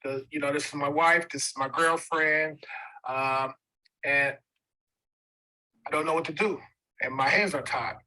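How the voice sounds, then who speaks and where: A man tells his own story of hardship as a guest speaker. He gets emotional and repeats key words for weight. His voice sits a little high and rings very bright and forceful. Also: fairly even intonation, unhurried, pauses often, low-quality recording. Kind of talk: personal testimony.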